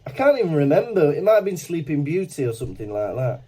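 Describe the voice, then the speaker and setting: Animated man telling a funny story. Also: on the high side, fast, crowd noise. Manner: animated anecdote-telling with laughs and acted quotes. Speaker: podcast co-host. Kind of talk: casual chat, storytelling.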